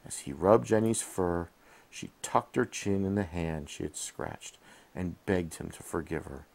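A man reading a bedtime story to his child while in bed, gently asking questions along the way, recorded on a head-mounted camera. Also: low-pitched, unhurried, vocal fry. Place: in bed at home.

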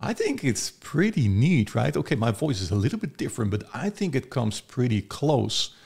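Chatty man, gravelly. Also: medium pitch, sing-song, moderate pace, a little mellow. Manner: chatty, loose, thinking aloud. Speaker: software reviewer. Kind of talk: casual screen-recorded tutorial.

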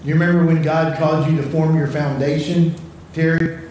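A man's voice: fairly high pitch, flat delivery, fairly quick, darkish tone, a little hiss or hum. A man preaching a sermon in a conversational, storytelling way, often repeating words as he starts a thought, recorded in a church hall. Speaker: pastor. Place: church sanctuary. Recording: very echoey church hall, from far off.

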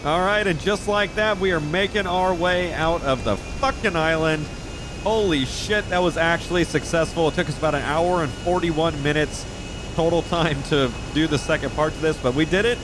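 Over a noisy background, a streamer role-playing a police officer chats casually at a moderate pace in a voice on the high side. He swears often and laughs easily.

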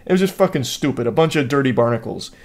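A man's voice: mid-range voice, animated, quick pace, a little mellow. A man narrating a commentary video in a dry, sardonic way. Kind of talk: scripted commentary.

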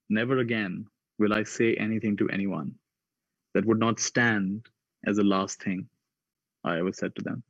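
A man with a low voice tells reflective stories to a conference audience. He lifts his pitch to act out the people in his stories. The recording is dry and a little dull. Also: no echo. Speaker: conference speaker. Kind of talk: reflective storytelling talk.

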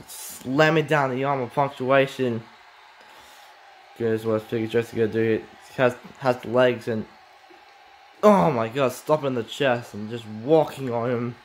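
An excitable young man calls a wrestling video game match play by play, often stumbling and restarting. His voice sits at an ordinary middle pitch and jumps to shouts at the big moves. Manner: halting, with many restarts and "oh my god". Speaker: wrestling commentator.

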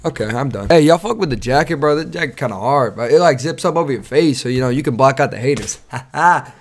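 A man's voice: mid-range voice, animated, quick pace. A man streaming casual video-chat banter with strangers, crude and teasing as he jokes.

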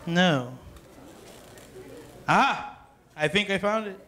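Bright-voiced joking party magician man. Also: sits high, animated, normal speed. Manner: playful, joking, calls to the crowd. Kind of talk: live party magic show patter. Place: party hall with dance floor.

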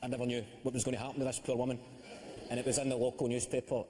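A man's voice: medium pitch, level tone, rapid-fire, dark tone, long reverb tail, a little hiss or hum. A Scottish man telling wry, self-deprecating comic anecdotes on a panel show. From Scotland. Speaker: comedian panelist. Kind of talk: comic storytelling.

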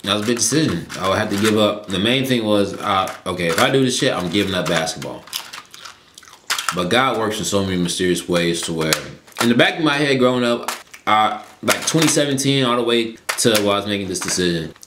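Young dude from atlanta just telling stories, swears a lot, gets loud then drops low, echoey room. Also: male voice, fairly quick, noisy background. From Atlanta, Georgia, US. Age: young adult. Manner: animated, slangy and profane, swings between loud and low. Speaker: YouTuber. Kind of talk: casual storytelling to camera.

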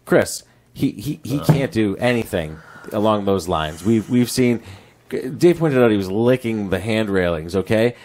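Deadpan man hosting a game show. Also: on the low side, measured pace, noisy background.

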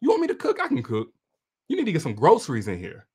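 An eager, bubbly woman, put on by a man, rattles off ideas for fixing up a place. Her voice sits high and swoops up and down. She talks over herself with helpful enthusiasm. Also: huge pitch swings, fast, a little mellow, breathy edge, heavily acted. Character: chatty eager woman tidying a man's home.

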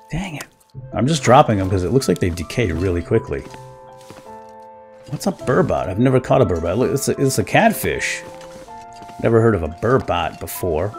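A man giving casual, chatty commentary while playing a survival game, getting excited over small wins and chuckling often. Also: low-pitched, creaky. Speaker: let's play gamer.

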